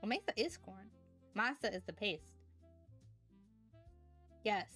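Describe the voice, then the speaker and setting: A woman streamer talking casually to her chat, drifting between topics and stopping to thank viewers. Her voice sits at an ordinary pitch. Faint music plays in the background. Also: big pitch swings, takes it slowly, fairly bright tone, slightly rough.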